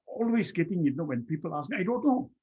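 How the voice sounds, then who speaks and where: Husky-voiced man telling a personal story. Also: sits high, big pitch swings, muffled recording. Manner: slow, repetitive, with many restarts. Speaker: guest speaker.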